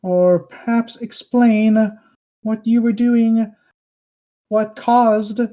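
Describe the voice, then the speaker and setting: A woman's voice: fairly high pitch, fairly even intonation, warm tone, voice pushed up. A woman playing an affronted male king who holds his anger in check in a tabletop game. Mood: restrained anger. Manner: slow, measured, restrained anger.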